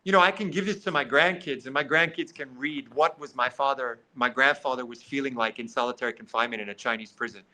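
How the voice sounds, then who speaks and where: A man who is a podcast guest, telling a story in a lively way. He slips into quoted dialogue and says "like" often. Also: mid-range voice, quick pace, few pauses, poor audio. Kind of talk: animated storytelling in conversation.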